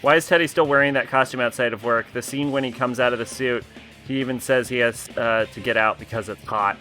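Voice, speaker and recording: A man's voice: medium pitch, steady tone, a little fast, sharp tone, faint music behind. A man streaming a game, commenting casually in a chatty, joking way and swearing now and then.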